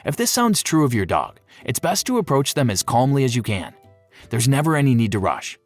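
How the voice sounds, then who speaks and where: A man's voice: mid-range voice, big pitch swings, a little fast, soft background music. A man giving scripted narration for a pet-care video, playful and fond of jokey asides.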